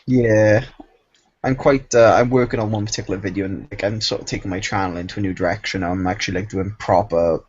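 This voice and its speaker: Hesitant husky man. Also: lowish voice, fairly even intonation, brisk. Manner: hesitant, many fillers and restarts. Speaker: guest YouTuber. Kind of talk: casual live-stream chat. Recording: dull lo-fi sound.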